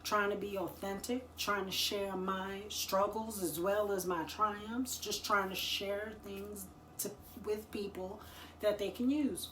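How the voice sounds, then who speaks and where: A woman's voice: mid-range voice, unhurried, slight background noise. Chatty slangy woman in an echoey room. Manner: chatty, slangy, expressive, laughs often. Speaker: entrepreneur giving business advice. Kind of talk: casual talk to camera.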